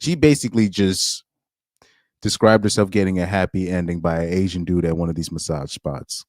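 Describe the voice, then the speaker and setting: A young man with a deep, low voice gives casual reaction commentary. He reads posts aloud and breaks off into incredulous asides and half-finished restarts. The sound is close and dry, with no room around it. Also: normal speed, darkish tone, no echo. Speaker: commentary streamer.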